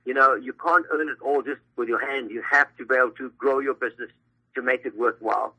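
Brief: older South African man phoning in, chatty and boastful, bright tense voice, husky edge. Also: mid-range voice, fairly even intonation, a little fast. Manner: chatty, boastful, rambling with fillers. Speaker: guest, hair stylist and brand CEO. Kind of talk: phone-in interview. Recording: tinny phone line.

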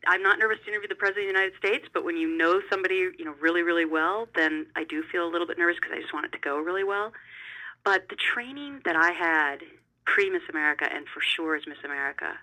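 Bright-voiced woman telling stories animatedly. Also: lowish voice, rough recording. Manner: animated, emphatic, repeats words when excited. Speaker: interview guest, television host. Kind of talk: conversational interview storytelling.

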